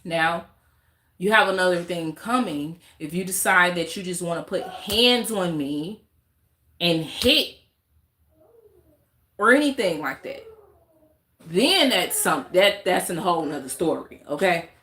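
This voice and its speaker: A woman's voice: lowish voice, animated, a little slow, pauses often, pushed and bright, roomy sound, slight background noise. A woman, ranting emphatically in a candid vlog and repeating her points. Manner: emphatic and repetitive, talks with her hands. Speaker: YouTube vlogger. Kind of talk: candid vlog rant to camera.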